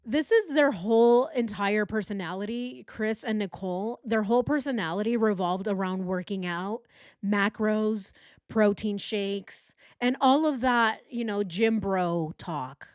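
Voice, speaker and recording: A woman's voice: medium pitch, measured pace, clear, resonant tone, dry recording, studio quality. A woman hosting a true crime commentary, sarcastic and exasperated as she goes through evidence. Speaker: true crime channel host.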